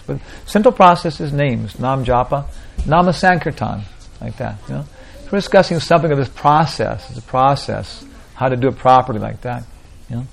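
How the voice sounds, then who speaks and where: A man with a gravelly, creaky voice leads an informal spiritual talk for a small group. He rambles, circles back, and tacks "like that, you know" onto his points. His pitch sits in an ordinary middle range. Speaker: spiritual teacher.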